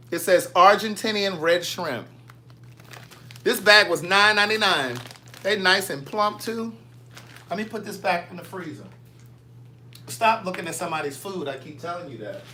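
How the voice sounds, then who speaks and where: Man, bright forceful voice, pitched a touch high, easygoing vlogger chatter with viewers. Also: a little hiss or hum. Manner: chatty, playful, answers viewer comments. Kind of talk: casual live chat with viewers. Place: home kitchen.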